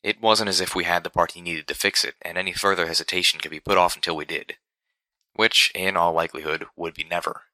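A man narrating a first-person story with a steady, measured reading. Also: deep voice, no echo. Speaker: audiobook narrator.

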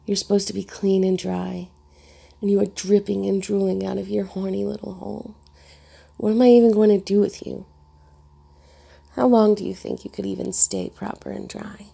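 A woman doing a gravelly, commanding man in whispered role-play. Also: level tone, warm tone. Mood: mocking. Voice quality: low and gravelly. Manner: slow, deliberate, commanding. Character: stern, dominant man, teasing and controlling.

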